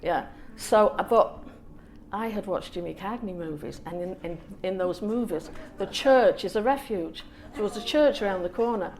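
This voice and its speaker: A woman from England, a guest author at a small event, telling a lively story with laughs and acted-out quotes. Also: mid-range voice, normal speed, a little hiss or hum. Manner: lively anecdotal, laughs often, acts out quotes. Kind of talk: storytelling on a panel.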